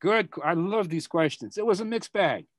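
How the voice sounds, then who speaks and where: An older man with a Boston accent speaks over a video call in a fairly high, dry-sounding voice. He talks in a reflective, halting way and often repeats words while he searches for the next one. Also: animated, dry recording. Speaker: guest speaker. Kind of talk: answering students' questions over a video call.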